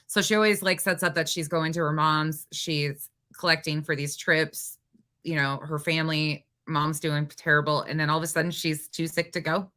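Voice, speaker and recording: A woman's voice: low voice, fairly even intonation, normal speed, pushed and bright. A woman giving skeptical commentary, questioning what she reports.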